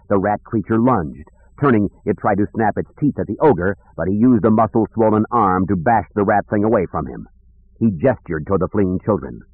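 Guy narrating an audiobook, lowish voice, tinny phone-like sound. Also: dry recording. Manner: measured, expressive storytelling.

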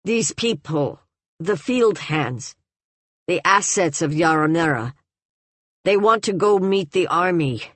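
Injured eunuch, hoarse and breathless, read by a woman narrator; keep it faint. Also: fairly low pitch, animated, takes it slowly, no echo. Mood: weak.

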